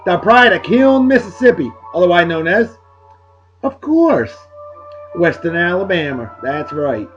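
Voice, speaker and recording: A man's voice: high-pitched, big pitch swings, unhurried, dull audio, soft background music. A man from Massachusetts with a Boston-area accent, hosting a casual beer-tasting vlog at his home desk in a hammy, jokey way. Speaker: beer review show host.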